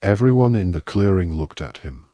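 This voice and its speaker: A man narrating an audiobook in measured storytelling. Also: sits low, lively intonation, warm tone, no room sound.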